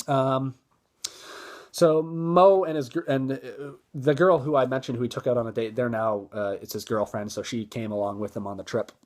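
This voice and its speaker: Male movie reviewer, casual rambling plot recap, mid-pitched, lots of ums and restarts. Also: steady tone, normal speed, a little mellow. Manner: rambling, many fillers and restarts, acts out quoted lines.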